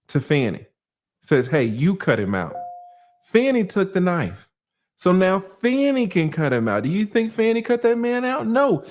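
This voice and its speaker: A man's voice: high-pitched, darkish tone. A male attorney giving casual legal commentary, telling it like a story with rhetorical questions and slangy asides. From United States.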